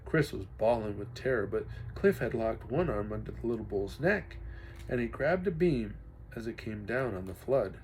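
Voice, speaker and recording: A man's voice: on the low side, moderate pace, slight background noise. A man reading a children's novel aloud expressively, now and then talking to his listeners. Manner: expressive, stops to chat with listeners. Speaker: reader.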